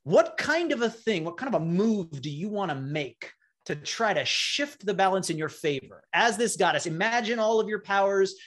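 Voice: medium pitch, a bit bright. A game master narrating a tabletop game, setting scenes in a playful, vivid way.

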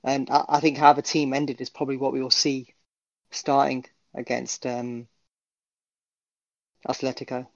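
A man co-hosting a football podcast, talking in an animated, jokey way and swearing freely. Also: mid-range voice, unhurried, gravelly, pauses often, dry recording. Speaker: podcast co-host. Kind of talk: casual football call-in chat. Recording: dull dry podcast audio.

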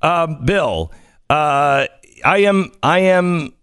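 A man's voice: a little high, lively intonation, extremely slow, a bit bright, smooth, dry recording, clean studio sound. A man hosting a radio talk show, talking casually with frequent stumbles and restarts.

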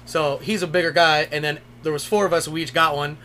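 A man's voice: a little high, steady tone, brisk, bright, forceful tone, a little hiss or hum. A young man co-hosting a podcast, telling stories in a loose, profane way. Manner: loose, profane storytelling with laughs. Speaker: podcast co-host. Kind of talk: casual chat.

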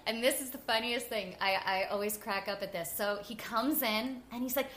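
A young woman with a bright, clear voice set a little high. She tells her stories in a casual interview, animated and chatty, with lots of "like". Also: moderate pace, slight background noise. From New Jersey. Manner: animated and chatty, with frequent "like" and laughter. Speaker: guest.

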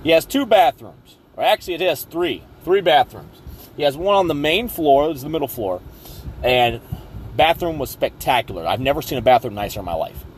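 A man's voice: fairly high pitch, animated, fairly quick, a little hiss or hum. A young man from Southwest Virginia with a Southern accent, telling a rambling, self-mocking story as a podcast host, full of ums and uhs. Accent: Southern American. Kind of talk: casual storytelling.

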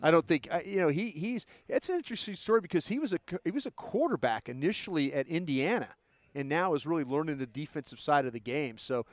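A man co-hosting a sports talk show, telling stories in a lively way and often repeating words as he starts over. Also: a little high, fast, no echo. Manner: animated storyteller who stammers and repeats words. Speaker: sports radio co-host.

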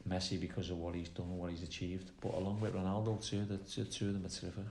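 A man's voice: low-pitched, completely flat delivery, fast, creaky, dark tone, reverberant, a little hiss or hum. A man with a Liverpool accent, a football manager chatting casually as a guest, giving rambling answers. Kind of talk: casual interview chat.

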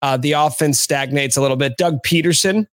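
A man's voice: fairly high pitch, brisk, a bit bright, no echo. A man hosting a sports podcast, chatting casually with a wry, sarcastic edge.

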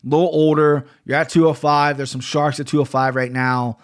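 A man's voice: fairly high pitch, steady tone, fairly quick. A man hosting a casual podcast, talking bluntly and with plenty of swearing as he rambles through a fight recap from a home studio mic. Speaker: podcast host. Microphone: studio microphone.

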